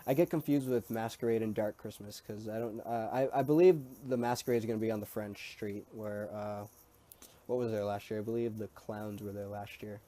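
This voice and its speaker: A man chatting casually to his camera with a mellow, warm tone, rambling as he goes. His speech is easygoing but hesitant, with frequent ums and false starts. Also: on the low side, fairly even intonation, a little fast. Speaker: vlogger.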